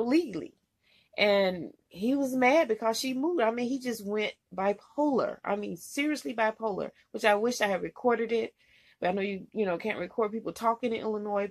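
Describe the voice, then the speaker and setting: A woman truck driver tells her viewers a story in a loose, rambling vlog style, full of "you know". Her voice sits a little high and sounds husky. She speaks with feeling and circles back on her points.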